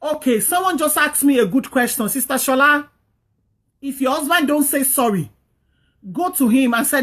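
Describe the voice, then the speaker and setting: A woman's voice: high-pitched, expressive, normal speed, a bit bright. A woman giving casual, preachy marriage advice, repeating her points earnestly and acting out what couples should say. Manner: earnest, repetitive, preachy, acts out quoted speech. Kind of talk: casual advice talk to an online audience.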